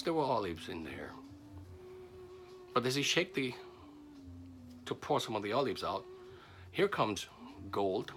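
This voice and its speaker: Gravelly-voiced male storyteller. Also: fairly low pitch, fairly bright tone, slight background noise. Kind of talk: told folk tale.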